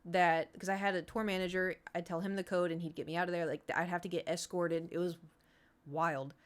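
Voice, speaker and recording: A woman's voice: fairly low pitch, level tone, fairly quick. A woman streamer telling a story in casual, rambling chat, full of fillers and restarts. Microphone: streaming setup.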